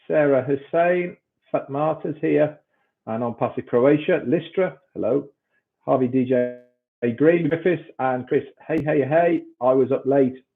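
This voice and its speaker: A man's voice: mid-range voice, a little slow, creaky. A man hosting a live stream in casual chat, reading out viewers' names one by one and stumbling over the hard ones. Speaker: host greeting live viewers. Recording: tinny phone-like stream audio.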